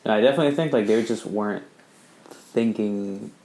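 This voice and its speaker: A man co-hosting a podcast in casual chat, relaxed and freely swearing. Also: fairly low pitch, fairly quick, creaky. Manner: laid-back, swears casually. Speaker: podcast co-host.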